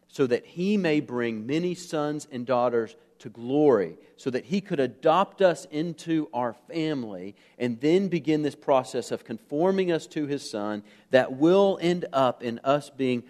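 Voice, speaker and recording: Preaching with earnest emphasis, a US pastor asks his congregation questions, his sermon peppered with fillers and restarts. He speaks at a medium pitch with a darkish tone.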